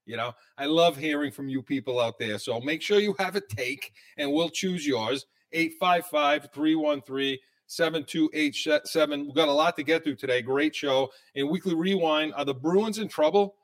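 An excitable man hosts a casual sports talk show, his voice sitting a little high for a man. He keeps the chat moving with animated, fast banter.

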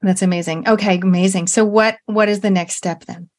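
A woman's voice: mid-range voice, steady tone, fairly quick, darkish tone. A woman hosting a radio interview, affirming her guest with enthusiasm and summing up her points. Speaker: radio show host. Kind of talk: casual interview talk.

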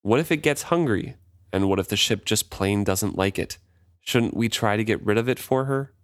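Male reader as a first mate in a book read-aloud: earnest, pointed, low voice, dry sound. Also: normal speed, no echo, close to an everyday voice. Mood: insistent. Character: first mate, a grown man pressing his captain.

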